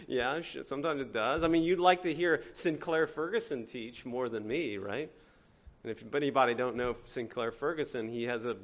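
A pastor with a fairly high voice for a man and an accent that blends Cajun with northern speech. He preaches conversationally in a church, tossing rhetorical questions at the congregation and swinging between loud and hushed. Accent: Cajun mixed with northern US. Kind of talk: sermon.

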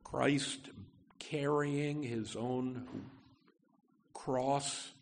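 A male pastor preaching an expository sermon in a church sanctuary. His voice carries a gravelly fry, and he moves slowly and deliberately through the text, pausing and restarting phrases as he explains it. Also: medium pitch, steady tone, a little hiss or hum. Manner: slow, deliberate preaching with pauses and self-corrections.

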